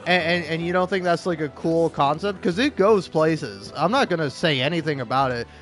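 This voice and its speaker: A man's voice: on the high side, normal speed, a bit bright, faint music behind. A young man hosting a gaming video, rambling comedic commentary full of restarts and "like".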